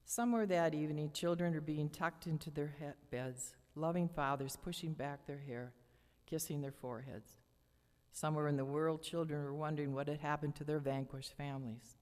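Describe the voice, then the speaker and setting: An older woman reading her personal memoir aloud at a lectern, with measured, dramatic storytelling. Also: deep voice, fairly even intonation, a little mellow. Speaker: memoir reader. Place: church hall lectern. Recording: long church hall reverb.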